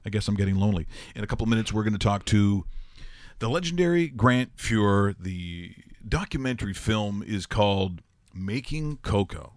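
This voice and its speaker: A man's voice: lowish voice, normal speed, no echo, studio quality. A man hosting a sports talk show, telling rambling jokey stories in casual banter. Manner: rambling, joking, animated storytelling.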